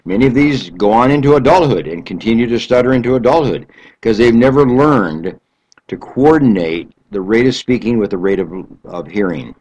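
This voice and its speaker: A man giving an explanatory talk, slow and deliberate, stretching key phrases for emphasis. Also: mid-range voice, animated, a little mellow, breathy edge, poor audio. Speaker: speaker explaining stuttering.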